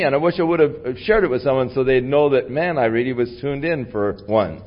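Lively man preaching a sermon, lo-fi. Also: a little fast. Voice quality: voice that carries. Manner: conversational storytelling, animated swings in pitch and loudness. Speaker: pastor.

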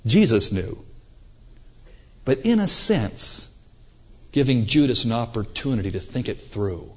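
A man's voice: medium pitch, lively intonation, unhurried, darkish tone. Emphatic male preacher, muffled recording. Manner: emphatic, rising and falling for effect, rhetorical questions. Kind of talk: sermon. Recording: dull lo-fi recording.

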